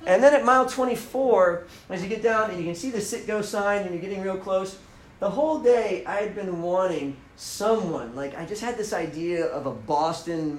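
A man telling a story in a casual talk, animated, often laughing and acting out the lines he quotes. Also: sits high, roomy sound, a little hiss or hum, rough recording. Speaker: speaker telling a running story.

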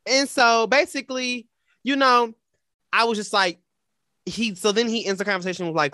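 A man co-hosting a casual talk show, telling a personal story in a dramatic, animated way and quoting the people in it. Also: extremely high pitch, moderate pace, no room sound, clean studio sound. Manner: animated, dramatic retelling with quoted voices. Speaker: podcast co-host.

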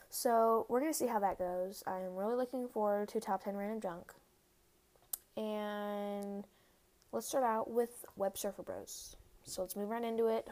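Alone on her casual podcast, a young female host rambles with lots of fillers, says "like" constantly, and laughs quickly here and there. She has a mellow, medium-pitched voice.

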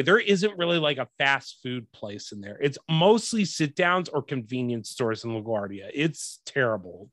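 A man's voice: medium pitch, a bit bright, dry recording, clean studio sound. A man hosting a podcast, telling a long story as a profane, exasperated rant in a casual way. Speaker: podcast host.

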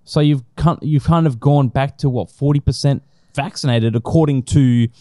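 A man with a mid-range voice and a mellow, dark tone rants bluntly on a casual podcast, swearing freely and filling gaps with ums. The recording is close and dry. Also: medium pitch, moderate pace, no room sound. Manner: blunt and sweary, full of fillers. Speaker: podcast co-host. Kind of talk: casual opinionated chat.

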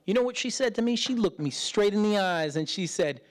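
A middle-aged man preaching as a pastor in a chatty way, acting out quoted voices and swinging between loud and hushed. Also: sits high, expressive, a little fast. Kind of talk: sermon.

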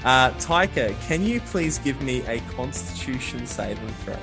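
A man's voice: medium pitch, animated, normal speed, loud music behind the voice. A man running a tabletop game as game master, loose and swearing, with lots of fillers.

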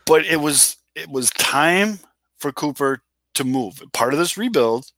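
A man's voice: on the high side, animated, measured pace, fairly bright tone, dry recording. A chatty man talking sports, dry sound. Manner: conversational, rambling with restarts and swearing. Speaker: podcast co-host. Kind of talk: casual sports talk.

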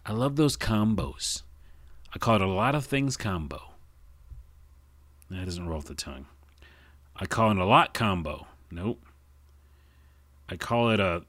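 A man with a very low voice hosts his own podcast, chatting alone. He rambles, stumbles over words and pokes fun at himself. The recording is dry and close. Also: no room sound. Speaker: podcast host. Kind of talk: casual solo podcast chat.

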